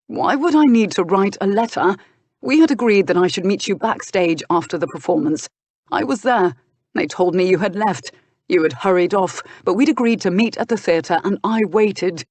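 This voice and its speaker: A woman narrator voicing an earnest young gentleman who presses urgently for answers. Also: mid-range voice, normal speed, no room sound, lightly acted. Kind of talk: audiobook dialogue reading.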